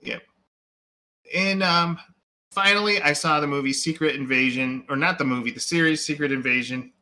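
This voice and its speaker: A man's voice: on the high side, normal speed, sharp tone. A man co-hosting a podcast, chatting casually about movies, rambling and full of fillers. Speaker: podcast co-host.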